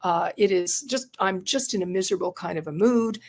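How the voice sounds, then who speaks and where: A woman's voice: medium pitch, brisk, darkish tone. Earnest middle-aged woman telling a story. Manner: earnest, reflective, repeats words while thinking. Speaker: guest, retired psychotherapist and coach. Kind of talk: conversational interview, personal storytelling.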